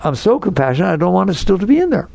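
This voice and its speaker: A man giving an inspirational talk as a spiritual teacher, animated and acting out anxious inner voices. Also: high-pitched, very fast, gravelly, no room sound.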